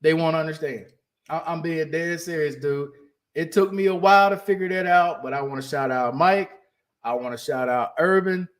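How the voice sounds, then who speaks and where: Emphatic man, slightly higher voice. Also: normal speed. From United States. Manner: candid, emphatic, repeats himself while searching for words. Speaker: podcast host. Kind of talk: casual monologue to listeners.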